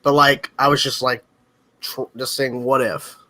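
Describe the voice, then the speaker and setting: Guy with a bright edgy voice rambling on a livestream, video call. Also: mid-range voice, level tone, a little slow. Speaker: livestream co-host. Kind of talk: casual livestream chat.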